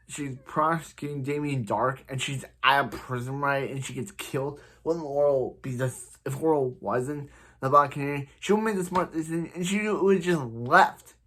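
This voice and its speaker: A man's voice: fairly high pitch, a bit bright. A man casually recapping a TV episode, rambling and exasperated, giving blunt opinions. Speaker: TV show reviewer.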